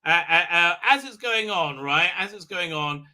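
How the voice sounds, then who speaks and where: A man's voice: high-pitched, lively intonation, normal speed, sharp tone. A man hosting a live episode recap, rambling and sarcastic with many filler sounds. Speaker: host reviewing a TV episode.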